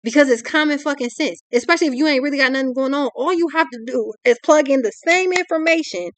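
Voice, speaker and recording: A woman's voice: high voice, fast talker, slight background noise. A young adult woman, giving a ranting tarot reading in a blunt, exasperated, profane way. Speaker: tarot reader.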